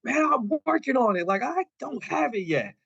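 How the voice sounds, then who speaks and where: A man's voice: very high voice, very animated, moderate pace, gravelly, fairly bright tone, husky, lo-fi sound, pitched above the performer's own voice, full character voice. A man putting on the voice of an angry, domineering male wrestling boss who scolds and rants. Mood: dismissive. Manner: ranting, scolding.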